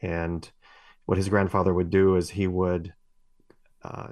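A man's voice: low voice, level tone, measured pace, darkish tone, dry recording. A middle-aged man co-hosting a podcast, telling long rambling stories with many fillers and restarts. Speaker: podcast co-host. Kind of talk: casual podcast chat.

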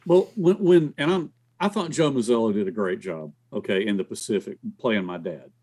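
A man's voice: lowish voice, moderate pace, breathy edge. A man, a guest on a podcast, chatting casually and telling stories about acting and accents. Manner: animated, jumps in, mimics voices in anecdotes. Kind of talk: casual chat, storytelling.

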